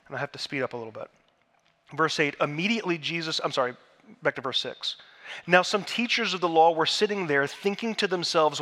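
A man preaches a sermon in a church. His voice sits a little high for a man and rings with a bright, forceful edge. He presses hard on key phrases, then falls back to a near hush. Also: fairly quick. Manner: earnest, builds to emphatic peaks then drops to hushed tones. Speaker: pastor. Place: church sanctuary.

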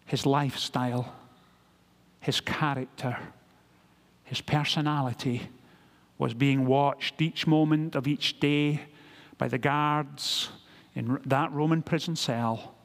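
A man's voice: medium pitch, steady tone, slow pace, gravelly, long pauses. A male pastor preaching a sermon, full of rhetorical questions.

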